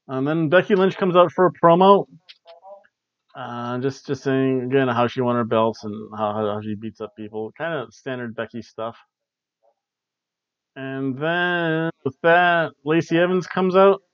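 A man with a slightly high voice talks through a recap in a loose, rambling way, stopping and restarting often. The sound is dull and lo-fi, and the room is dry. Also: no echo. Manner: rambling, offhand, with many ums and restarts. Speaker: wrestling reviewer, show host. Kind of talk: casual spoken show recap. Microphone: camera recording at home.

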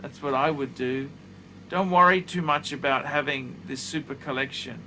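A man's voice: medium pitch, steady tone, normal speed, pushed and bright, slight background noise. A man in his fifties giving blunt, profane, emphatic advice, talking casually in his office studio. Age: 50s. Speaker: watch reviewer.

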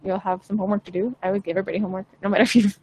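A woman's voice: medium pitch, level tone, very fast, dark tone, poor audio. Friendly woman vocal coach, chatty and upbeat live-stream talk over a faint hiss. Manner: chatty, encouraging, many fillers.

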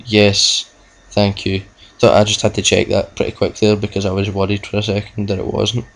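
Low-voiced young man gaming. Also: completely flat delivery, moderate pace, creaky, low-quality recording. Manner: rambling, self-mocking, swears at the game. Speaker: gamer. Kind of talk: video game playthrough commentary. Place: at home with a laptop.

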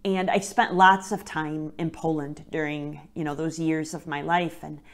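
A woman hosting a podcast, telling a personal faith story gently and reflectively, her voice sometimes dropping to a hushed near-whisper. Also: low-pitched, fairly even intonation, unhurried.

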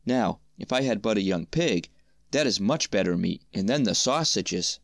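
A man's voice: fairly low pitch, lively intonation, moderate pace, vocal fry, no room sound, studio quality. A man voicing Hans, a cheerful, simple-minded young man, in a storybook reading, with an eager, raised voice. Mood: naive, delighted.

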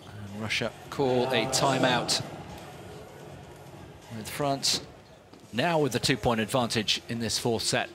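A man's voice: medium pitch, takes it slowly, long pauses, noisy background. A man giving live play-by-play commentary on a volleyball match, lifting his voice on big points. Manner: animated, rising with big points. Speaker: sports commentator.

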